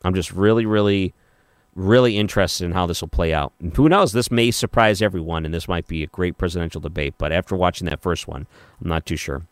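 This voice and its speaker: Low-voiced man hosting talk radio. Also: brisk, clear, resonant tone, no room sound. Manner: conversational, many restarts, calmly skeptical. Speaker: radio talk show host. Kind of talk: late-night talk radio commentary. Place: radio studio. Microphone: studio microphone.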